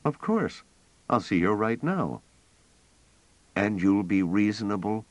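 A man voicing a blunt, direct younger man who is impatient but trying to stay calm. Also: fairly low pitch, slow pace, no echo, muffled recording, pitched above the performer's own voice. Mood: wry. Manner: direct, terse.

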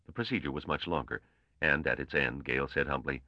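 Very deep-voiced male audiobook narrator. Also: lively intonation, brisk, pushed and bright, no echo, muffled recording. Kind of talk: scripted narration.

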